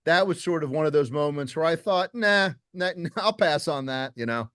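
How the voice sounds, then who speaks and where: A man hosting a podcast, telling a story in a measured, hesitant way with many fillers. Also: on the high side, animated, a bit bright, smooth, dry recording, clean studio sound. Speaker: podcast host. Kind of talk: casual conversation.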